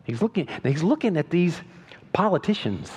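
A man's voice: a little high, big pitch swings, normal speed, a little mellow, slightly rough. Pastor, male, conversational sermon delivery that climbs to emphasis; long church reverb. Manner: conversational preaching with emphatic rises and frequent restarts. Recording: dull lo-fi sound with long hall reverb.

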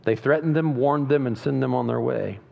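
A man's voice: medium pitch, moderate pace, creaky. Pastor, male, conversational sermon delivery that climbs to emphasis; long church reverb. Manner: conversational preaching with emphatic rises and frequent restarts. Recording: dull lo-fi sound with long hall reverb.

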